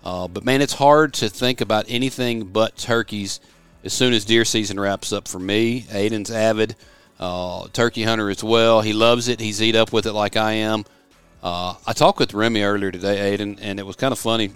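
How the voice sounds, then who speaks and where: A man's voice: fairly low pitch, steady tone, moderate pace, a bit bright, smooth, no room sound, faint music behind. A middle-aged man from West Tennessee, hosting a podcast in a studio office, rambling and folksy as he tells stories. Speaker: podcast host. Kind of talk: casual podcast chat.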